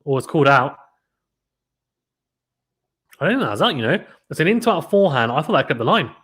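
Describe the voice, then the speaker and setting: A man's voice: on the high side, very animated, brisk, fairly bright tone, slightly rough. A man commentating a live tennis watchalong stream, chatting casually and reading out viewer comments between points.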